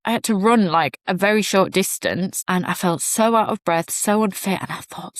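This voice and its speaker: A woman's voice: mid-range voice, a little slow, no echo, clean studio sound. A young woman podcast host telling a personal story in a chatty, rambling way with asides.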